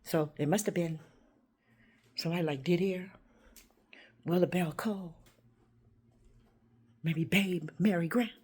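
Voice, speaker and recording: A woman vlogging a rambling, confrontational monologue, swinging between loud outbursts and hushed whispers. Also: lowish voice, measured pace, pauses often, breathy edge. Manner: confrontational, addresses unseen listeners.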